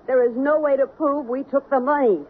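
A woman's voice: sits high, steady tone, brisk, a little hiss or hum, close to an everyday voice. An actress playing a cold, scheming woman who wants to keep stolen money, in a 1970s radio drama. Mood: insistent. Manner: hard and dismissive, then coaxing. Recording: narrow, phone-like old radio broadcast.

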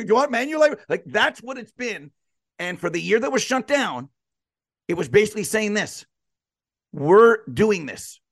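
A man co-hosting a casual hockey podcast, opinionated and arguing his point with rhetorical questions. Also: high voice. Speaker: podcast co-host.

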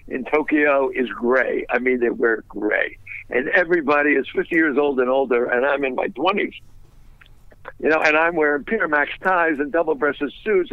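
A man telling a business story in a fast, animated, wisecracking way, laughing at his own punchlines. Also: a little high, dry recording, phone-quality sound. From United States.

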